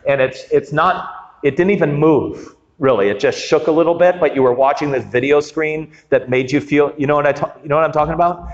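A man's voice: medium pitch, a little hiss or hum. Man preaching in an echoey hall. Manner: conversational, self-deprecating humor. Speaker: pastor. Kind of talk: sermon. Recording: roomy hall with long reverb, dull sound.

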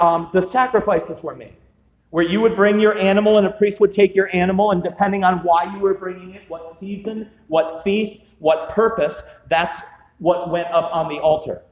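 A man pastor delivers a sermon in a casual, humorous style, drifting into jokey asides before returning to scripture. His voice sits a little high. The sound is muffled and rings with the long reverb of a large hall. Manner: humorous, conversational preaching with asides. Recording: dull, echoey hall sound.

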